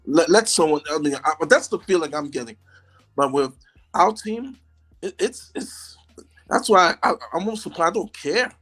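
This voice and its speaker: A man's voice: sits high, lively intonation, normal speed, fairly bright tone, husky. A man on a fan podcast panel, rambling and emphatic in casual chat.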